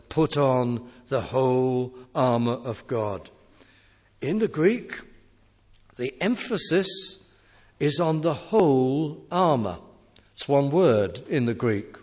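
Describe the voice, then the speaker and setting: A man preaches a sermon at a slow, deliberate pace, leaning on key phrases for emphasis. His voice sits at an ordinary pitch and carries a long hall reverb around it. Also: a little mellow.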